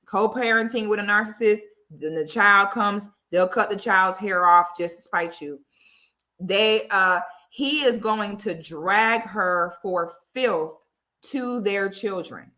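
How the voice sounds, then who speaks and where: A woman's voice: mid-range voice, measured pace, bright, forceful tone. A woman giving blunt, emphatic casual commentary to a live audience, calling her viewers girl and y'all, from her home. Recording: echoey room.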